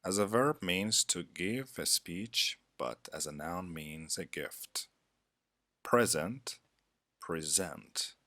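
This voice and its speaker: A man narrating a scripted English lesson as a teacher, with a measured, deliberate instructional delivery. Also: deep voice, expressive, bright, forceful tone, dry recording.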